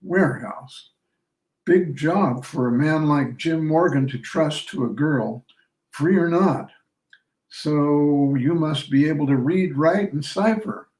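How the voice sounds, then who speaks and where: A tall, easygoing frontier general, voiced by a man reading aloud who talks with a good-humored drawl. Slow and a touch raised in pitch. Roomy sound, far from the mic. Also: a little mellow.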